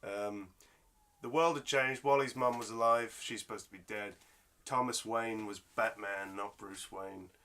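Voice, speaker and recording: A man co-hosts a casual podcast with a deep voice that has a bright, forceful edge. He teases the others and explains things at length. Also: steady tone, measured pace. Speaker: podcast co-host. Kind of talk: casual chat.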